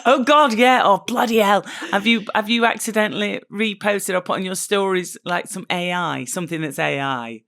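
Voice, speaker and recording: Middle-aged English woman, podcast co-host, gravelly low voice, jokey and chatty. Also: normal speed, hardly any pauses, a bit bright. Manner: chatty, jokey storyteller, swears lightly. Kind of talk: casual chat.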